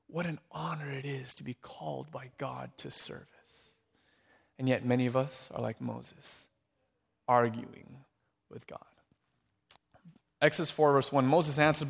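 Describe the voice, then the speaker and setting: Male pastor, sermon, animated delivery, slightly high voice, repeated restarts. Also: normal speed, creaky.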